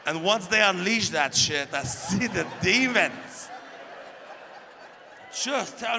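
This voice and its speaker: A man doing live stand-up storytelling, animated and profane, laughing through his lines. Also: sits high, normal speed. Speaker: stand-up comedian. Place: live comedy stage. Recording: reverberant venue, faint crowd noise.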